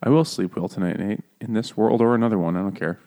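A man's voice: lowish voice, fast. A man co-hosting a casual book chat, joking and laughing often as he acts out the characters' lines. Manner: jokey, laughing often, animated quoting of characters. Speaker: podcast co-host.

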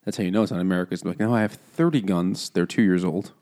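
A man with a lowish voice talks loosely about a book with friends. He rambles, restarts his sentences and throws in laughing asides. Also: fast, a little mellow. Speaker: podcast co-host. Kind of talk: casual book chat.

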